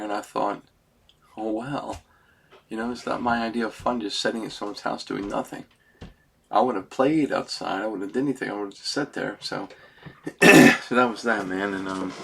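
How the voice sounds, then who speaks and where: A man's voice: fairly low pitch, creaky, fairly bright tone, breathy edge. Tearful rambling middle-aged man. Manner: rambling, emotional, says "man" often. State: close to tears. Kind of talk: personal vlog monologue.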